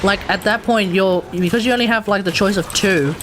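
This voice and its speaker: A man's voice: high voice, a little fast, background noise. A man with an Australian accent giving rambling, chatty commentary while live-streaming a video game, often correcting himself.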